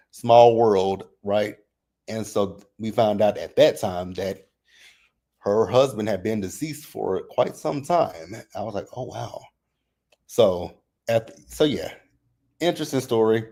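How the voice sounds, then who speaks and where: A reality TV recap host in his thirties runs a casual livestream, speaking openly and emotionally about his family as he fights back tears. His voice is on the low side and a little mellow.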